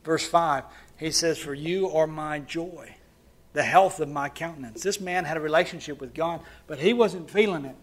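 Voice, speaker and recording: A man preaching a sermon to his church, swinging between loud, fervent passages and quiet, hushed ones. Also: fairly high pitch, moderate pace. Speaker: pastor.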